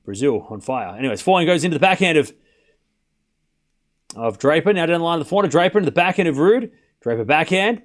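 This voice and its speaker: Male streamer doing casual tennis play-by-play, fairly high voice with lively swings in pitch, quick jokes between points. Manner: excitable, joking asides between points. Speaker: watchalong host and commentator. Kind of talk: live play-by-play stream commentary.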